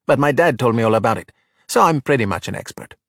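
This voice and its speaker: A man's voice: mid-range voice, lively intonation, fast talker, creaky, dry recording, clean studio sound. A man voicing a bold, cocky young sea-monster boy who talks with breezy confidence, in a storybook reading. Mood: boastful.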